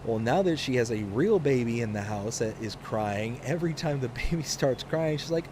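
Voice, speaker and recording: A man's voice: mid-range voice, moderate pace, hardly any pauses, slight background noise. Easygoing man streamer chatting while gaming. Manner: rambling, relaxed, fond talk with many fillers. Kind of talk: casual live-stream chat while playing.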